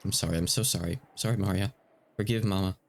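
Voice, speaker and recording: A man's voice: low-pitched, steady tone, fast, close to an everyday voice. A man voicing an anxious, guilt-ridden mother in a game read-aloud, pleading and apologetic. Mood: remorseful.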